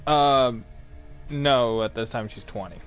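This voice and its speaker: A man's voice: mid-range voice, slow, soft background music. A man telling a personal story in a casual chat, acting out the voices of the people in it. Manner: animated, acts out quoted voices.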